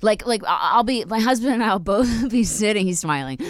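A woman chatting casually, quick to laugh and chime in. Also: medium pitch, expressive, dry recording, studio quality. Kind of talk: casual chat.

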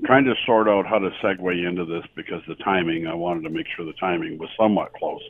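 A man's voice: sits low, fast. A man calling in as a sports guest, reminiscing in a rambling, casual way. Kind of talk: casual chat. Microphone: telephone. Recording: tinny phone line.

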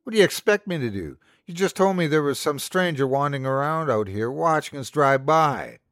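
A man's voice: fairly low pitch, lively intonation, a little slow, no room sound, studio quality. A man voicing a frightened, exasperated young woman who snaps at her friends in a horror story reading. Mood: frantic. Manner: exasperated, sharp-tongued.

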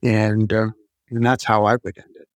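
A man's voice: on the low side, level tone, moderate pace, loud music behind the voice. A man, an executive coach and podcast guest, speaking bluntly and emphatically, with some swearing. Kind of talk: candid interview talk.

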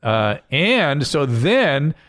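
A man's voice: on the high side, very animated, drawn-out words, a bit bright. An older man hosting a podcast in casual chat, rambling and often breaking off mid-sentence. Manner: rambling, self-interrupting. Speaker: podcast host.

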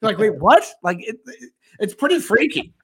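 A man co-hosting a comedy podcast, riffing with quick jokey asides. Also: high-pitched, very animated, gravelly, a bit bright, husky. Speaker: podcast co-host. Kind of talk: casual comedic chat.

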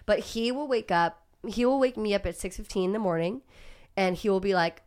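A young woman talking as a podcast guest in casual chat, chatty and quick to agree. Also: medium pitch, a little mellow, clean tone. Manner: agreeable, chatty, frequent affirmations.

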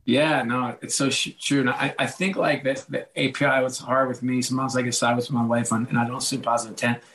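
A man at a middle pitch talks through his experiences in a relaxed interview. He is candid and pokes fun at himself. He slips into quoted lines as he tells his stories. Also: fast, low-quality recording. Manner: candid, self-deprecating, animated storytelling with quoted dialogue. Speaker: guest, author and former sports executive. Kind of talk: conversational podcast interview.

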